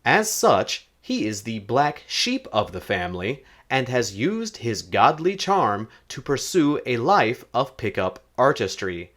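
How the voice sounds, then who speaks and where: A man hosting a comedy show in a slow, mock-earnest deadpan manner. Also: medium pitch. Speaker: host.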